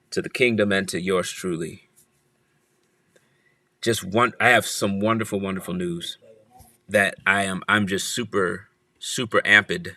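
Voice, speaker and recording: Playful man teasing viewers, sharp-toned voice. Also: on the low side, no room sound. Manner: playful, teasing, repeats phrases. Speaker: church leader hosting a livestream. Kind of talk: casual livestream chat greeting viewers. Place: office.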